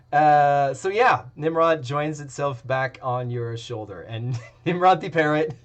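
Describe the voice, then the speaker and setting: A man's voice: a little high, slow, long pauses, lo-fi sound. A man narrating as game master of a tabletop game, rambling with many fillers.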